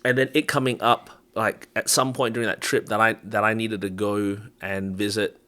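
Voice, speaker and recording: A man who is a guest preacher, chatting casually on a podcast, telling animated stories, laughing often and acting out other people's lines. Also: on the low side, normal speed. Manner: acts out others' lines in quotes.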